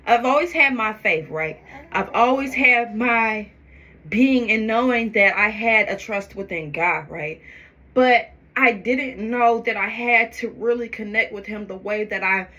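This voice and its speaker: A woman vlogging to her phone camera, talking in a forceful, preachy, emphatic way about faith. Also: fairly high pitch, a little slow, muffled recording. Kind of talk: faith-filled get-ready-with-me vlog.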